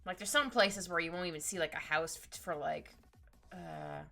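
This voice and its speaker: A woman chatting casually with her stream while she draws, rambling, giggly and easily excited. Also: on the low side, moderate pace, vocal fry, faint music behind. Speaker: streaming artist.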